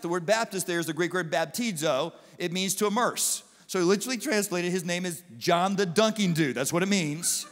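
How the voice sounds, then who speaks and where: A man with a fairly high voice preaches to a large congregation, animated and playful, slipping into brief impersonations of the people in his stories. His voice carries a long reverb from the auditorium around him. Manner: animated, acts out biblical figures in quick asides. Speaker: pastor. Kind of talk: sermon.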